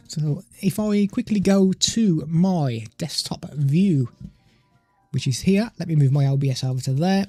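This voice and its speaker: A man's voice: high-pitched, moderate pace, warm tone, dry recording, faint music behind. A man hosting a casual live product demo at his home desk, talking loosely into a studio microphone and stopping now and then to chat to his pet. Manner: chatty, loose, stops to talk to his pet. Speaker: tech livestream host. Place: home desk streaming setup. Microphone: studio microphone through a mixer at a desk.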